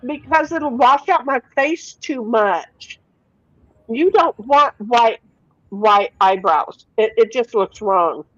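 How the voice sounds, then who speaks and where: A woman's voice: on the high side, animated, slow, a bit bright, no room sound, highs cut off. Chatty swearing woman livestreamer. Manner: chatty, swears freely, reads chat aloud. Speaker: livestream host. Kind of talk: casual chat reading viewer comments.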